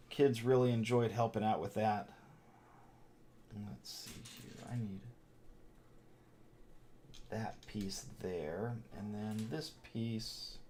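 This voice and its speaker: A man's voice: lowish voice, extremely slow, long pauses, warm tone, a little hiss or hum. A middle-aged man hosting a casual livestream from home, rambling in a chatty way, laughing often and muttering to himself as he builds. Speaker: host of a theme park channel livestream. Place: his home.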